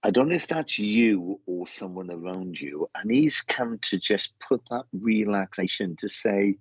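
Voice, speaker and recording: A man giving a mediumship reading, halting and repeating his words, calling the sitter mate. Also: lowish voice, lively intonation, slightly rough, no echo. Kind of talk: casual spoken reading. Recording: dull lo-fi sound.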